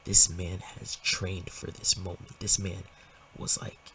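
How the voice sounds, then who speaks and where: A man with a low voice gives a slangy, profane breakdown of a comic. He gets animated and then drops into whispers at the big moments. He sits back from the mic, and faint noise hangs under his voice. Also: a little slow, gravelly, recorded from a distance, rough recording. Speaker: manga commentator. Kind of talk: casual in-depth comic analysis.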